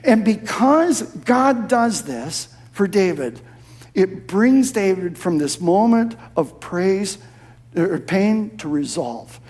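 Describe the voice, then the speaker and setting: A man preaching a sermon in a church, impassioned, dropping to a hush and then rising to shouted emphasis. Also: high voice, expressive, slow pace, slightly rough. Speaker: pastor.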